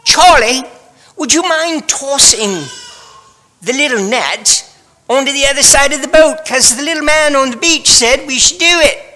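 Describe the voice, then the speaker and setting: A prim, genteel fisherman, all dainty courtesy, as a preacher puts him on. The voice sits high and bright and lingers in a long hall echo. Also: moderate pace. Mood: prissy. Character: prim, overly polite fisherman, man.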